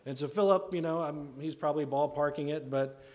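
A man's voice: a little high, a little fast, darkish tone. A man preaching a sermon in a conversational way, often asking "right?" and acting out the voices of people he quotes. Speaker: pastor.

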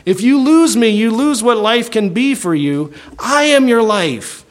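A man voicing money itself as a grandiose, tempting male figure, speaking slowly and self-importantly. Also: extremely high pitch, expressive, voice pushed up. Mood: boastful. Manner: slow, swelling, self-important delivery.

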